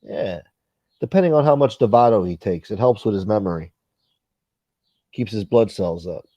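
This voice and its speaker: A man's voice: on the low side, animated, normal speed, dry recording, dull audio. A man hosting a casual livestream, reading viewer comments in a blunt, profane, rambling way. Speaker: livestream host.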